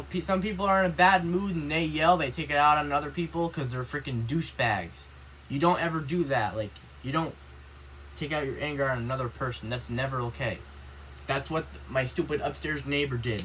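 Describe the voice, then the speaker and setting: A man's voice: medium pitch, fairly bright tone, poor audio. A young male vlogger speaks in a casual rant, earnest and upset. His speech rambles and is packed with "you know" and "like." A faint ambient hum sits under his voice.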